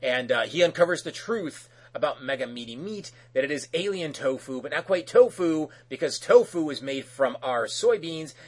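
A man's voice: fairly high pitch, lively intonation, moderate pace, few pauses. A man casually recapping a cartoon episode as podcast host, rambling with many fillers.

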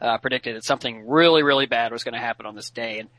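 Bright-voiced man carefully recapping a cartoon. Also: mid-range voice, racing, no room sound, poor audio. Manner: careful, corrects details of the plot. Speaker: podcast co-host. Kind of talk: casual episode recap chat.

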